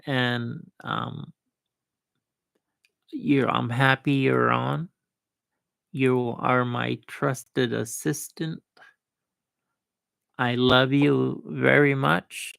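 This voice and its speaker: A man with a deeply gravelly, creaky voice hosts a live stream, talking in a slow, meandering way. His tone is bright and forward, and the sound is close and dry. He stumbles and restarts often but asserts himself with easy confidence. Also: level tone, dry recording. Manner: rambling, with self-assured asides and many restarts. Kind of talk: casual live-stream chat.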